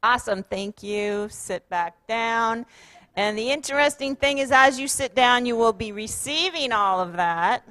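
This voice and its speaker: A woman's voice: on the high side, unhurried, no echo. A woman pastor preaching a sermon, encouraging her congregation and leading them in repeated chanted affirmations. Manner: warm, encouraging, leads call-and-response chanting. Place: church sanctuary.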